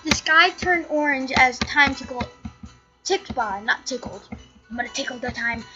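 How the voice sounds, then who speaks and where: Girl reading a story game out loud, stumbles n fixes words, high bright voice, kinda muffled w/ faint music. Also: normal speed. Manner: chatty, stumbles and self-corrects while reading. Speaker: channel host reading a game. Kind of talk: reading a visual novel aloud.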